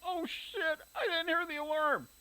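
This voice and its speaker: A man voicing a sick, stressed, quick-tempered mother in a storybook reading, harried and coughing. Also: high voice, gravelly, pitched above the performer's own voice, low-quality recording. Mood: panicked shouting.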